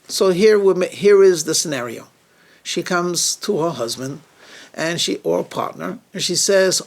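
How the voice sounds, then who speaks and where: A male rabbi delivering a storytelling sermon, deliberate and questioning, with halting restarts now and then. His voice is fairly high and he speaks slowly, drawing out his points. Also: animated, vocal fry.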